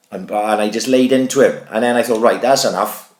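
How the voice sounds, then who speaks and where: A low-voiced man in his thirties tells a rambling, foul-mouthed story to his podcast co-host. He talks in a lively, conversational way, full of "right?" and swearing. The sound is roomy and echoey. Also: a little fast. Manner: sweary, animated anecdote-telling. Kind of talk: casual chat, storytelling.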